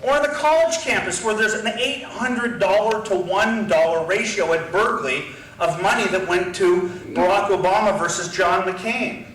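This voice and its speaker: A man's voice: high voice, moderate pace. A man giving an impassioned political lecture in a combative way. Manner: forceful, combative, acts out whispered asides. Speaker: guest lecturer. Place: large university lecture hall. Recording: roomy hall, voice from far off the mic, faint noise.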